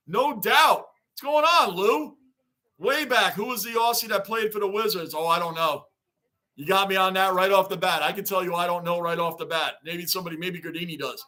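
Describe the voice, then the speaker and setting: A man with a high, pushed and bright voice hosts a relaxed sports livestream, going through fan chat at a fairly quick pace. He welcomes viewers by name, keeps things loose and repeats what he's said.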